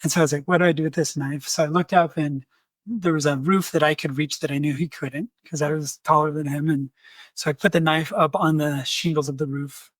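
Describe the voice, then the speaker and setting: Animated man telling a story. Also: a little high, brisk, no room sound. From United States. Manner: animated, acts out quoted voices. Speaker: podcast host. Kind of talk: storytelling in conversation.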